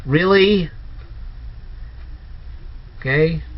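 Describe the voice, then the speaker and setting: A man's voice: on the high side, very slow. A man giving a casual spoken movie review, firing off incredulous, sarcastic rhetorical questions. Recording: dull lo-fi recording.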